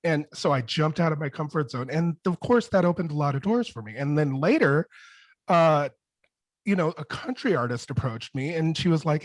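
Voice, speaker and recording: A man, a music producer on a panel, telling rambling, animated stories with many restarts over a video call. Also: on the high side, moderate pace, no room sound. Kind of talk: casual panel storytelling. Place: home studio with bright colors behind.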